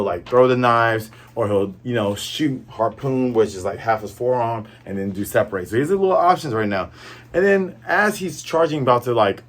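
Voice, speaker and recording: A young man hosting a manga review, casually recapping a chapter and acting out the characters' lines in quick, playful voices. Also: mid-range voice.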